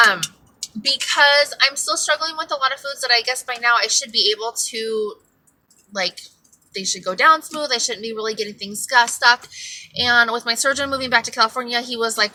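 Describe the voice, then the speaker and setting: A woman's voice: on the high side, fairly quick, poor audio. Chatty woman vlogging from her car. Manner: candid, excitable, rambling. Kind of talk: casual chatty update. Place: inside a car. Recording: car noise behind voice.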